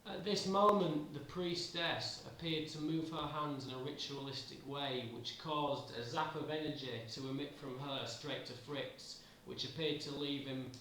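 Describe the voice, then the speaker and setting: A man's voice: fairly high pitch, fairly even intonation, unhurried, few pauses, a bit bright, a little hiss or hum. A man improvising a story, hesitant and full of fillers. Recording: roomy, distant amateur recording.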